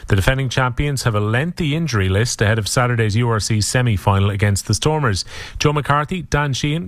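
A man reading the radio sports bulletin in a brisk, steady way into a studio mic. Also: medium pitch, no room sound. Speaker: sports newsreader.

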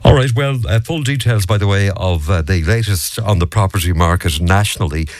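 An Irish man hosting a radio phone-in, brisk and quick to cut in and push back on callers. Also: sits low. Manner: brisk, cuts in and pushes back. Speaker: radio talk show host.

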